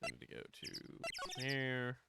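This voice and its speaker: A man's voice: mid-range voice, wildly swooping pitch, slow pace, creaky, noisy background. A man casually commenting while playing a game, rambling and self-deprecating, swearing at his mistakes. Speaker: streamer.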